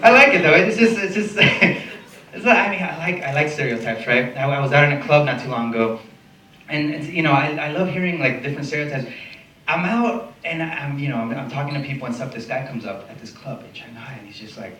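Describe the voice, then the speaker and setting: A man from Mexico performing a stand-up comedy set, animated and profane, acting out voices of people in his stories. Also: fairly high pitch, brisk. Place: comedy club stage. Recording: roomy club sound from a distance, audience noise.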